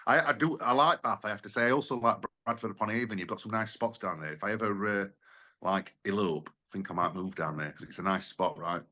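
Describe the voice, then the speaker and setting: Enthusiastic man, low voice. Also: fairly quick, sharp tone. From Sheffield, England. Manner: enthusiastic, chatty, tag questions. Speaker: guest, event promoter and musician. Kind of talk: casual radio interview.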